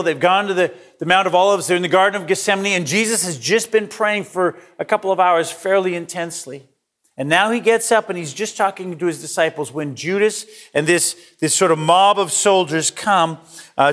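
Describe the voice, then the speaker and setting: A man's voice: high voice, moderate pace, a bit bright. A male pastor giving a sermon in an earnest, conversational way, with frequent fillers and restarts.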